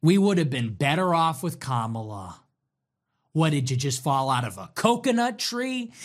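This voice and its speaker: Sarcastic man with wildly swinging pitch. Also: big pitch swings, moderate pace. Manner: sarcastic, mocking, taunting; swings between loud highs and low grumbles. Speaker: livestream host. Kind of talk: ranting livestream commentary.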